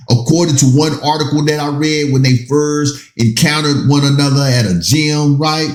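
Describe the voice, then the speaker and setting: A man reading out documents and adding his own comments, slow and emphatic, breaking into exasperated asides. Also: on the high side, roomy sound. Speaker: commentator reading a legal statement.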